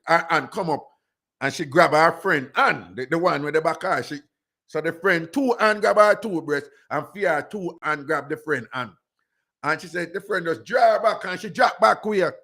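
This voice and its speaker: A man's voice: sits high, creaky, pushed and bright. A man with a Jamaican accent, hosting radio and telling a story in casual, rambling patois with many "you know"s. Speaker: radio host.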